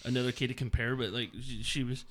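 A man's voice: mid-range voice, flat delivery, fast. A man and father of a toddler daughter, chatting casually and telling stories with many hesitations and fillers. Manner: hesitant, filler-heavy storyteller. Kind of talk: casual chat.

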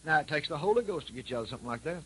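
A man's voice: a little high, animated, rapid-fire, breathy edge, rough recording. A male preacher delivering a sermon with folksy, repetitive storytelling and emphatic lines.

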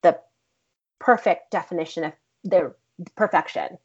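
A woman and actress, the guest in an interview, telling a story in a blunt, profane, animated way. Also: fairly low pitch, a little slow, slightly rough. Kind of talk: casual storytelling. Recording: dull lo-fi recording.

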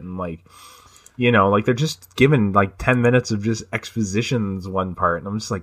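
A man's voice: fairly low pitch, brisk, a bit bright. A man co-hosting a podcast, chatting casually about movies, swearing and laughing often as he rambles. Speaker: podcast co-host.

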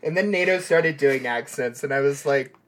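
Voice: medium pitch, a bit bright, a little hiss or hum. A podcast co-host in casual chat, rambling and filling gaps with "like" and "um". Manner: slow, rambling, heavy on "like" and "um".

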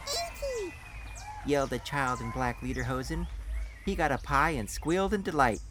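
A man's voice: medium pitch, lively intonation, brisk, noisy background. A man narrating a story in the first person in a dry storytelling manner. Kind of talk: scripted audiobook narration.

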